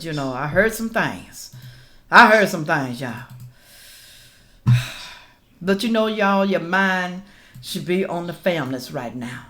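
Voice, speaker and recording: A middle-aged woman, chatting casually to viewers as a reaction vlogger and calling them y'all. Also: medium pitch. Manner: animated, addresses viewers as y'all.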